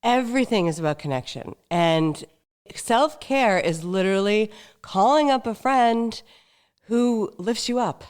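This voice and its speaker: A woman's voice: mid-range voice, animated, a little slow, a little mellow, clear, resonant tone. A woman hosting a dating podcast, enthusiastic and affirming toward her guest. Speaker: podcast host. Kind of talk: podcast interview.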